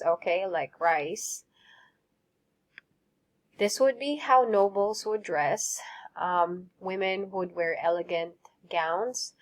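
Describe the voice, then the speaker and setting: Slow, careful woman teacher. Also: fairly low pitch. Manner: slow, careful enunciation with repeat-after-me drills; gentle praise and simple explanations. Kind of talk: online vocabulary lesson.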